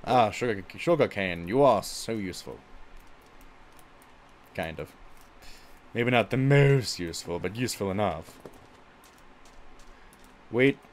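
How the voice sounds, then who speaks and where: A man's voice: on the low side, animated, slow, long pauses, slight background noise. A male streamer chatting casually while he plays a game, exclaiming at it and saying he gets stuck in a put-on voice. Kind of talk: casual gameplay chat.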